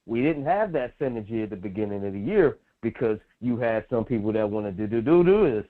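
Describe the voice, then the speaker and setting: A man co-hosting a sports talk show, loud and emphatic, repeating phrases for effect. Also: on the low side, animated, a little fast. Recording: tinny phone-like audio.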